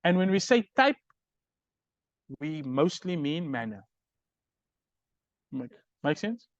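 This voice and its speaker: A man lectures on grammar, raising his voice high and swinging it widely. He speaks slowly, asks "right?" to check that his listeners follow, and the recording is dry and dull. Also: big pitch swings, no room sound. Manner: explains step by step, checks understanding with "right?". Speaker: Arabic grammar teacher.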